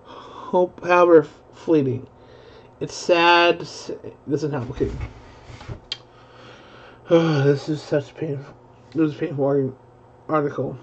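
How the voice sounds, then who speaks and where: A man's voice: on the high side, fairly even intonation, measured pace, pauses often, slight background noise. A young man rambling in a profane live-stream commentary, full of restarts. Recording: dull lo-fi stream audio.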